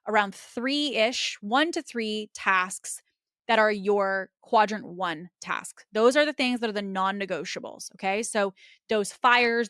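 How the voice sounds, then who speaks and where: Bright-voiced woman coaching podcast host. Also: mid-range voice, no echo, studio quality. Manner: coaching, direct, repeats "okay?" to check in. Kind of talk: solo podcast teaching.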